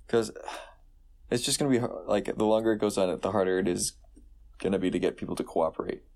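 A young man with a very deep, gravelly voice, bantering on a casual podcast. He is laid-back and joking, and he pads his sentences with lots of fillers. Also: fast talker, a little mellow. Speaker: podcast co-host. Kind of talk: casual chat.

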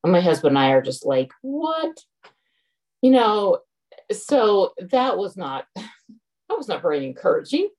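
A woman's voice: lowish voice, very animated, moderate pace, a little mellow, slightly rough, low-quality recording. A middle-aged woman telling a frank, exasperated personal story to a group. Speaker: group member sharing. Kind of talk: casual personal sharing.

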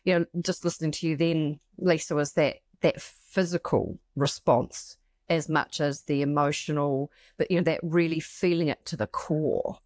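A woman's voice: deep voice, fairly even intonation, moderate pace, a little mellow, dry recording. A middle-aged woman co-hosting a heartfelt conversation, reading passages aloud and reflecting on her own experiences. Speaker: podcast co-host. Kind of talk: casual emotional conversation.

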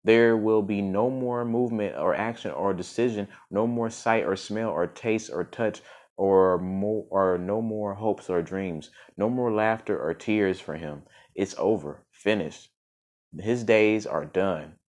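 A man's voice: on the low side, measured pace, a little mellow, lightly acted. A man voicing a loyal charioteer who speaks steadily and solemnly. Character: loyal male charioteer, calm and grave.

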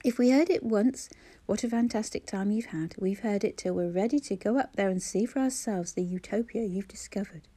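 A man's voice: high-pitched, a little fast, warm tone. A woman reading aloud voices a blunt grown man who teases a friend with emphatic banter. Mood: teasing.

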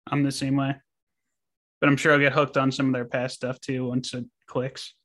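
A man co-hosting a music podcast in easygoing casual chat. His pitch stays level and flat. He often chimes in with short agreeing replies. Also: normal speed. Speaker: podcast co-host.

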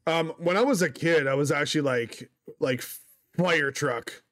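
A man's voice: on the high side, measured pace, a bit bright. Earnest young man in casual chat. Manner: supportive, laughs along, talks in earnest. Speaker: podcast co-host.

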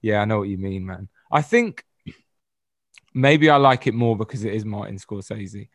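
A man's voice: lowish voice, animated, normal speed, dry recording. Laid-back man, dry close sound. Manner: laid-back, swears casually, laughs often. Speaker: podcast co-host. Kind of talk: casual film chat.

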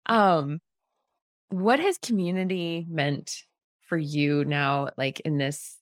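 A woman's voice: sits low, slow pace, no echo, studio quality. A woman entrepreneur chatting casually, thinking aloud with trailing sentences and laughs. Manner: thoughtful, trailing, laughs often. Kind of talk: casual chat.

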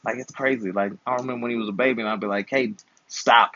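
Young uncle type, playful and slangy, husky voice, dry close sound. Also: male voice, mid-range voice, fairly even intonation, racing, a bit bright, no room sound, lo-fi sound. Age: 20s. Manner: playful, slangy, teasing advice. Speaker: uncle and channel host. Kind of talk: casual chat while gaming.

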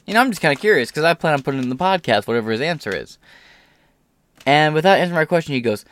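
Man, podcast host, casual animated monologue, middle pitch, dry close mic. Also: fairly quick, clean tone, no echo. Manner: animated storytelling, swearing, voice rising when quoting.

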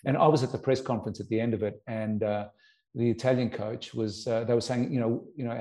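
Middle-aged aussie guy, mellow voice, rambly animated storyteller, keeps restarting. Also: medium pitch, fast. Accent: Australian. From Australia. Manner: animated raconteur, many restarts and repeats. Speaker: guest. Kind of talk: casual storytelling interview.

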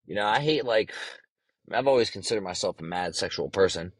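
A man's voice: sits low, animated, a little fast, husky, dry recording, poor audio. A young man hosting a casual solo podcast, talking in a brash, profane and rambling way. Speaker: podcast host.

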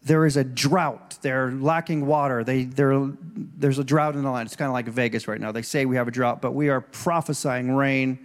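A man's voice: mid-range voice, fairly even intonation, moderate pace, hardly any pauses. A male pastor preaching a sermon in a church, conversational and digressive, with restarts, and acting out scripture voices with rising emphasis.

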